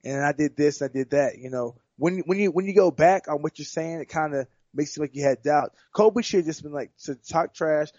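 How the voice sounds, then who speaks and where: A man's voice: a little high, fairly quick, hardly any pauses, a little mellow, no echo, lo-fi sound. A man, a fighter, breaking down a bout in casual sports chat, rambling and restarting his sentences often. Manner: rambling, repeats words and restarts. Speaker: fighter guest.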